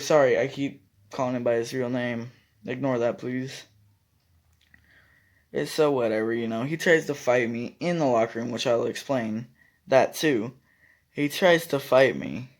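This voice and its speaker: A young man casually telling a school story to his viewers, rambling and correcting himself as he acts out what others said. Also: medium pitch. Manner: rambling, self-correcting, acts out quoted lines. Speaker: vlogger.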